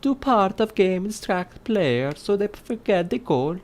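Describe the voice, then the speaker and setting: A man's voice: wildly swooping pitch, moderate pace. A man putting on an exaggerated, jolly Italian-accented voice while reading game design questions aloud. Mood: hammy. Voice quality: high, stretched-out cartoonish accent.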